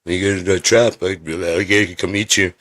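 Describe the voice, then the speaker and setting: A man's voice: low-pitched, fairly even intonation, racing, fairly bright tone. A man talking in a rambling, swearing monologue, coughing often and acting out quoted voices. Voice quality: frequent coughing. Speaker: video creator.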